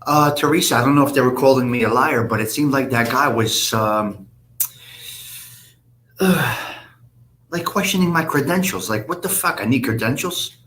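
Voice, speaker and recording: A man's voice: mid-range voice, normal speed, pauses often, fairly bright tone, slight background noise. A man hosting a casual live stream, answering viewers' comments by name in a blunt, profane, rambling way.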